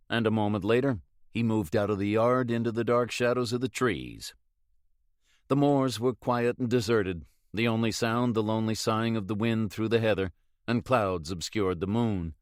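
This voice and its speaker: A man reading a novel aloud in measured, even scripted narration. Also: lowish voice, dry recording, studio quality. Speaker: audiobook narrator.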